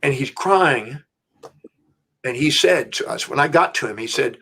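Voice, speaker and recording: A middle-aged man, an interview guest, telling a story in an animated, emphatic way, with restarts. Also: mid-range voice, measured pace, gravelly, breathy edge. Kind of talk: storytelling anecdote.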